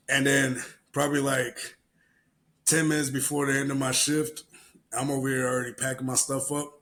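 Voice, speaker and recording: A man's voice: medium pitch, normal speed, rough recording. Profane man telling stories on a podcast. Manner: profane, animated storyteller who acts out other people's lines. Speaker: podcast host. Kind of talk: solo podcast commentary and storytelling.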